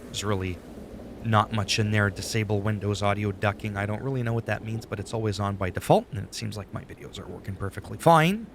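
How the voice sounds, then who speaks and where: A man's voice: fairly low pitch, fairly quick, a little hiss or hum. Casual, swearing man at a desk mic. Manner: rambling, profane, conversational. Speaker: YouTuber explaining recording settings. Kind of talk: casual screen-recorded tutorial. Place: home desk setup. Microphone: studio dynamic microphone at a desk.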